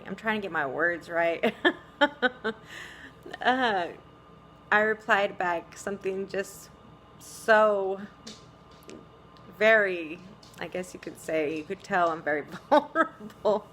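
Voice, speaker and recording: A woman's voice: medium pitch, slow, long pauses, fairly bright tone, a little hiss or hum. A middle-aged woman talking reflectively to camera, with frequent small laughs and "you know"s. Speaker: vlogger. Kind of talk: casual spiritual monologue.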